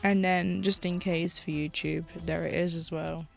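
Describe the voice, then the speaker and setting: A woman's voice: fairly low pitch, little pitch movement, moderate pace, gravelly, soft background music. A British woman streaming live, chatting casually while she cross-stitches, rambling and losing her thread. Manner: rambling, chatty, loses her train of thought.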